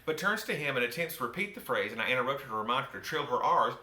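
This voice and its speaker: A man from the Southern US with a softened Southern accent, telling a personal story from his book in a wry, theatrical way with joking asides. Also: medium pitch, expressive, racing. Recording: roomy echo.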